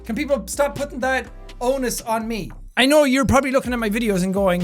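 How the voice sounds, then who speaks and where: Excitable, swearing young Irish man. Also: very high-pitched, fast, faint music behind. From Ireland. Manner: excitable, swears freely, jokey. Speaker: reaction video creator. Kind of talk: casual reaction commentary.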